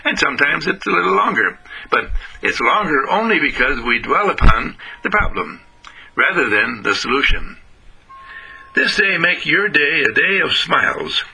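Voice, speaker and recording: A man giving an inspirational spiritual talk on the radio, with an animated, sing-song, emphatic delivery. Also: fairly high pitch, moderate pace, vocal fry, slightly rough, poor audio. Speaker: spiritual speaker.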